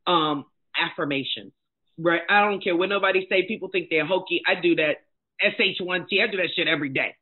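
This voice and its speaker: A middle-aged woman, a life coach and motivational speaker, telling her own story as a guest, blunt and emphatic in a candid, animated way. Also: on the low side, a little fast, husky. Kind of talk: candid personal storytelling in conversation. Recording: tinny phone-like sound.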